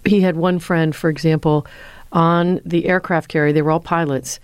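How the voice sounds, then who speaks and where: A middle-aged woman, a former speechwriter and lecturer, answering interview questions with earnest, lively storytelling. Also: low voice, normal speed, clear, resonant tone, no echo. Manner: earnest, lively storyteller who acts out quotes.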